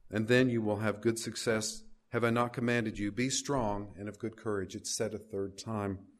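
A man preaching a sermon, reading scripture aloud and putting questions to his listeners. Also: on the low side. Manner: reads scripture aloud with rising emphasis, asks the congregation questions.

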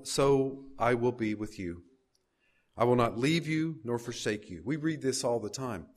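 A man preaching a sermon, reading scripture aloud and putting questions to his listeners. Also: mid-range voice. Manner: reads scripture aloud with rising emphasis, asks the congregation questions.

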